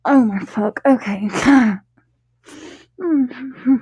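A woman's voice: high-pitched, drawn-out words, pauses often, warm tone, breathy edge, no echo. A woman talking in an intimate improvised audio, whispery and giggly, hesitant and fumbling for words.

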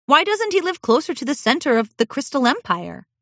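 A woman voicing a kind, curious adult pony princess in a storybook reading, speaking politely and gently. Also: sits high, very animated, fairly quick, dry recording, clean studio sound, voice pushed up.

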